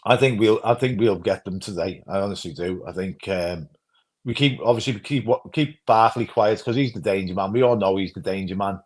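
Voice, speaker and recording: A man's voice: on the low side, fairly quick, a little mellow, husky. A man co-hosting a fan channel's football chat, rambling and often asking "you know what I mean".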